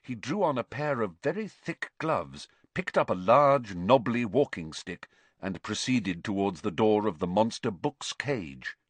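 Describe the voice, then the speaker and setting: A man with a lowish voice narrating an audiobook, his intonation rising and falling in a lively, theatrical way. The studio recording is close and dry, with no room sound. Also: measured pace, breathy edge, no echo. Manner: animated, theatrical storytelling.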